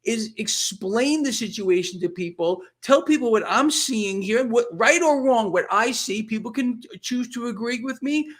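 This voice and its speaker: Heated guy with a high-ish voice, ranting and repeating himself, worked up. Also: expressive, normal speed, few pauses, fairly bright tone. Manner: fiery, emphatic, repeats words when worked up. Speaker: guest. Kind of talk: impassioned casual talk.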